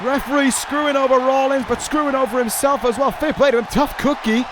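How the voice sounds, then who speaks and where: A man giving excitable play-by-play commentary on a wrestling video game, pleading and shouting at the action. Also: extremely high pitch, fairly quick. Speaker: YouTube gaming commentator. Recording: loud game crowd and noise behind voice. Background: video game crowd noise.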